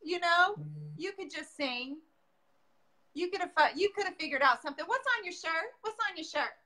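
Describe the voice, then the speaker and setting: Bright, high-voiced woman hosting a livestream. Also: lively intonation, normal speed. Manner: chatty, upbeat, addresses viewers directly. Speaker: host of a painting livestream. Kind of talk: casual livestream chat.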